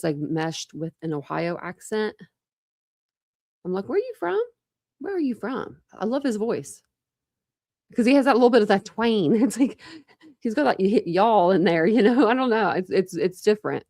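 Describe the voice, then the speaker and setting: True crime host, young woman, slightly low voice, dry close sound, tired, rambling chat. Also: darkish tone, no room sound. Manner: rambling, lots of fillers and restarts. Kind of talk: casual livestream chat with viewers.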